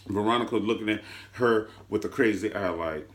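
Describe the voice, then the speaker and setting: Male TV recapper, sassy, dramatic pitch swings, chatty vlog delivery. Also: moderate pace. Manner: sassy, flamboyant storytelling; leaps between high and low pitch for emphasis. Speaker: TV show reviewer.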